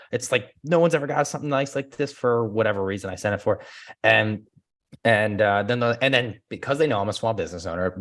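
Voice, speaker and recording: Casual male guest, fast talker with a low voice, laughs a lot and acts out other people's lines. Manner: laughing, animated storyteller acting out conversations. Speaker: podcast guest, real estate agent. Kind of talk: casual interview chat.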